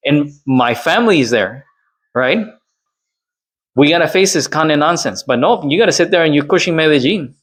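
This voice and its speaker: A man's voice: fairly high pitch, animated, normal speed, a bit bright. A man from Colombia doing reaction commentary, lecturing and repeating his points with tag questions. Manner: lecturing, repeats points with "all right?" and "okay?".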